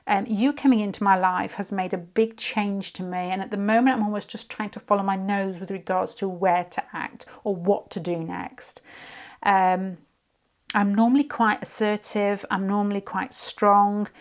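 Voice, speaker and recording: A woman in her fifties with a British accent, giving a casual, rambling tarot reading to camera, with side stories and quiet muttered asides. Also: medium pitch, steady tone, normal speed. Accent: British English. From United Kingdom. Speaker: tarot reader.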